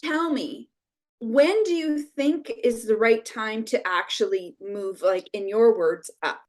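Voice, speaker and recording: Woman guest, fairly high voice, lively storyteller, checks in with "right?". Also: slow. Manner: animated storyteller, tags "right?". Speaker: brand expert guest. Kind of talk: conversational interview.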